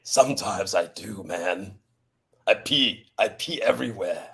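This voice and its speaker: Gravelly, husky, laid-back man. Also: deep voice, unhurried, a bit bright, rough recording. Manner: laid-back, goofy jokes. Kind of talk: casual chat.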